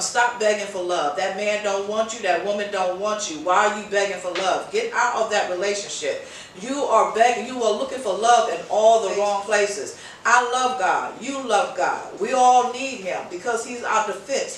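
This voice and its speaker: A woman's voice: mid-range voice, fairly bright tone, a little hiss or hum. A woman hosting her own show, giving an informal preaching talk with passionate, repetitive exhortation. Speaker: host. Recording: very echoey, voice distant from mic.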